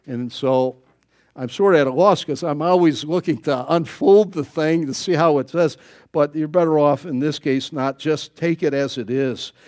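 A man's voice: a little high, a little mellow. A man preaching a sermon to a congregation, folksy and conversational, with joking asides and rhetorical questions. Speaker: pastor.

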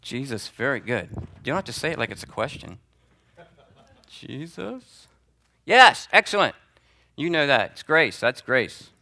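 A man teaching a Sunday school class, talking conversationally and calling on students by name, with lively swings in pitch for emphasis. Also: normal speed. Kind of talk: teaching sermon. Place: church classroom before a group.

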